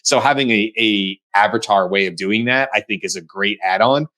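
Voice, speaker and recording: A middle-aged man from the United States speaks with a low voice as a show co-host. His talk is casual and animated, full of restarts and acted-out bits of dialogue. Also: moderate pace. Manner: animated, acts out quoted voices. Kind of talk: casual panel discussion.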